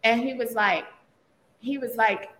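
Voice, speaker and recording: Speaking at a measured pace in a slightly high voice, a woman co-hosting a casual talk show tells a family story. A mother, she tells it animatedly, laughing often and acting out the quotes in this podcast chat.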